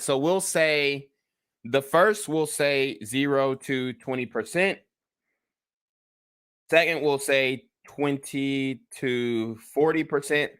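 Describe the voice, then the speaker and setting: A man's voice: medium pitch, sharp tone, clear, resonant tone. A man hosting his own commentary channel, reacting to a clip and lecturing his viewers in a blunt, profane way. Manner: blunt, profane, lectures the viewers and asks them to vote in a poll.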